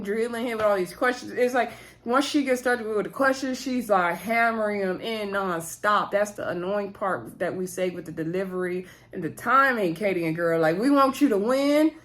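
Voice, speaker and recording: A woman's voice: fairly high pitch, fairly bright tone. A woman recapping a reality TV episode in a casual chat, full of fillers and talking straight to her viewers. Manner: chatty, heavy on fillers, talks to viewers as girl and y'all; switches voices to act out quoted cast members. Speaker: TV show recap reviewer.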